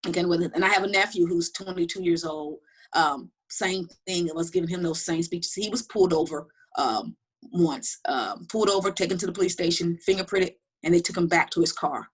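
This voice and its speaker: A middle-aged woman telling personal stories in an interview, talking quickly and animatedly with many restarts. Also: on the low side, slightly rough. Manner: fast, animated storytelling with frequent restarts. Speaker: interview guest. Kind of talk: candid personal storytelling.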